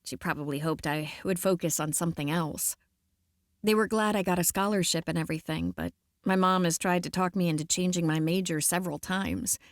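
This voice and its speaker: A woman's voice: fairly low pitch, a little fast, no echo, studio quality. A woman narrating a romance audiobook in the first person, in a conversational storytelling way.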